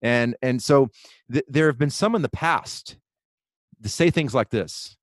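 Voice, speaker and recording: A man's voice: mid-range voice, very animated, slow, fairly bright tone, no echo. A man co-hosting a podcast, speaking earnestly about faith, reading quotes aloud with many fillers and restarts. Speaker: podcast co-host. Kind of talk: casual podcast talk, preaching on theology.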